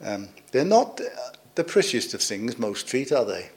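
A middle-aged man delivers a sermon in a relaxed, conversational manner. His voice sits at an ordinary pitch. He slips in gentle jokes and pauses now and then with small fillers. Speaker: preacher. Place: church, services also on video call.

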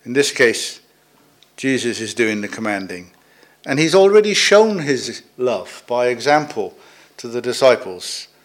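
A middle-aged man preaching a sermon in a conversational way, with gentle humor, pauses and fillers. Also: medium pitch, very animated. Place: church, services also on video call.

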